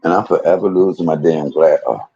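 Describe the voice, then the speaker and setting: A man, casually telling a personal story to his viewers, animated, laughing often and swearing freely. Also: very deep voice, brisk, slightly rough, muffled recording.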